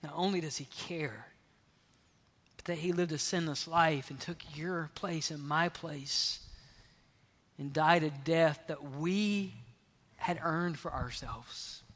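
Male pastor, bright high voice, fervent sermon with whispered drops, reverberant sanctuary. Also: slow pace. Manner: impassioned, swings from loud to hushed near-whispers. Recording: long reverb of a large hall.

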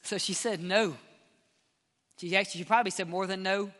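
A male pastor, preaching an impassioned sermon that swings between loud and hushed. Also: high voice, fairly even intonation, brisk, in a large hall.

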